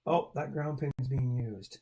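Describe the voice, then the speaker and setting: A man's voice: mid-range voice, slow pace, mellow. A man hosting a charity livestream, answering viewer chat in a loose, rambling way with lots of fillers and restarts.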